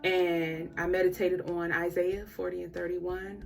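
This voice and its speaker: A woman's voice: on the low side, a little slow, vocal fry, few pauses, faint music behind. A young woman, telling a personal story in a casual vlog and acting out the conversations. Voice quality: expressive, acts out conversations with quoted voices. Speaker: vlogger.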